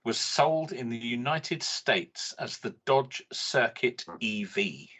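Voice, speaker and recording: Male co-host, husky voice, animated pitch, dry teasing delivery. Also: slow. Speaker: podcast co-host, quiz setter. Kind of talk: casual chat.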